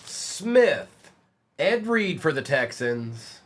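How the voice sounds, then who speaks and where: A young man on a live stream, chatting casually and calling out player names as he opens card packs, getting excited along the way. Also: a little high, drawn-out words.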